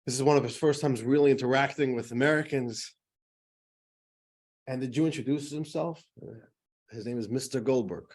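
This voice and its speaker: A man's voice: mid-range voice, moderate pace, pauses often, a little mellow. A man teaching a class as a rabbi, in a chatty, joking style full of fillers. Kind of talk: casual classroom lecture.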